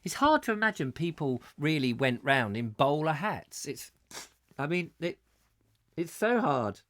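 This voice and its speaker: A man's voice: a little high, sing-song, a little slow, fairly bright tone, no echo, clean studio sound. A man hosting a live book reading, reading steadily and breaking off for chatty, amused asides and self-corrections. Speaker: host reading a book aloud.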